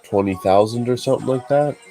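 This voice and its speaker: A man hosting a casual livestream, relaxed and chatty, reading viewer comments aloud and answering them. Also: medium pitch, fairly quick, soft background music. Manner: laid-back, reads viewer chat aloud. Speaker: livestream host.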